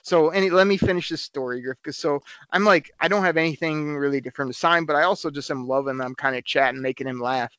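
A man co-hosting a podcast, telling a story in a casual, animated way and acting out the quotes. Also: on the high side, fast talker, hardly any pauses, clean tone, dry recording, highs cut off. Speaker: podcast co-host.

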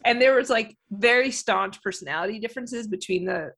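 A woman's voice: a little high, fairly quick, a bit bright. A young woman hosting a podcast, chatting casually with lots of fillers. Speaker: podcast host. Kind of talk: casual chat.

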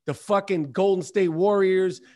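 A man in casual conversation, telling stories in a profane, animated way and repeating himself as he talks. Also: sits high, unhurried. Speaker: podcast guest. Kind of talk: casual chat.

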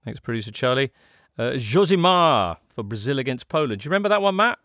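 A man's voice: medium pitch, big pitch swings, quick pace, a bit bright, dry recording, studio quality. A man hosting a casual football podcast and quizzing his co-hosts. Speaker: podcast host.

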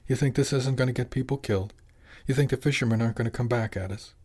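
A man's voice: mid-range voice, fast talker, a little mellow, lightly acted. A man voicing a blunt, slangy male animal who manages a fishing fleet, pressing his point in an audiobook.

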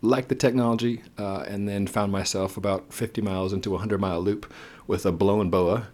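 A man's voice: fairly low pitch, steady tone, fairly quick, a little mellow. A man co-hosting a casual podcast chat, rambling and correcting himself with a joking tone. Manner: rambling, self-correcting, jokey. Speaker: co-host.

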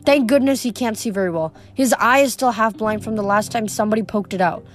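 A woman voicing a frightened young male satyr, high and pleading. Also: fast, faint music behind, close to an everyday voice. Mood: pleading, frantic.

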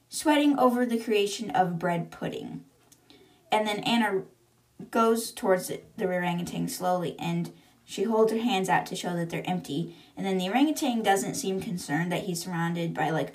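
A young woman hosting a podcast, casually recapping a book chapter by chapter and reacting as she goes. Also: mid-range voice. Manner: chatty, lots of fillers, reacts to the story. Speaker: podcast host.

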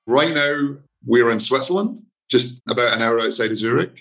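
A Scottish man being interviewed as a guest on a podcast, talking in a relaxed, self-deprecating way. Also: mid-range voice, normal speed, creaky. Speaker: guest, investor. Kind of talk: casual interview talk.

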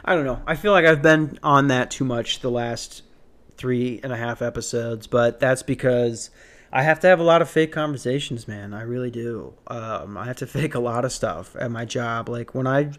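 A man's voice: mid-range voice, normal speed. A man hosting a podcast, ranting casually in a rambling, profane, sardonic way with sighs and restarts. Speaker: podcast host.

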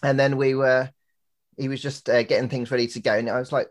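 A young man co-hosting a podcast, telling a story in an animated way and laughing often, over a laptop mic. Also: mid-range voice, fairly quick. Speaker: podcast co-host. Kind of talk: casual chat. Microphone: laptop webcam and mic.

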